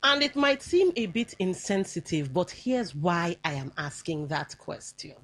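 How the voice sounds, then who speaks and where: A woman's voice: fairly low pitch, big pitch swings, unhurried. A Nigerian woman hosting a radio talk show, giving a rambling, reflective commentary full of fillers and restarts. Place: radio studio.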